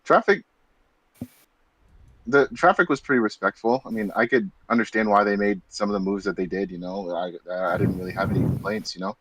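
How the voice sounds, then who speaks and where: A man, a sim racing driver, answering post-race questions in a relaxed, polite way with hesitant fillers. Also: fairly low pitch, brisk, slight background noise, poor audio. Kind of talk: casual post-race interview.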